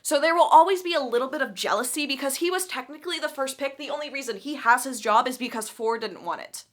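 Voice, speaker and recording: A young woman recapping a book with sarcastic, animated asides. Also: high-pitched, quick pace.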